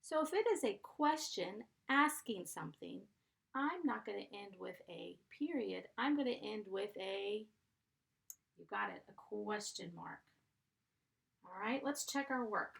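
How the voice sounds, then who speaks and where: A woman's voice: mid-range voice, expressive, a little slow, gravelly, a bit bright. A woman teaching a first grade class, dictating sentences and patiently sounding out letters and blends.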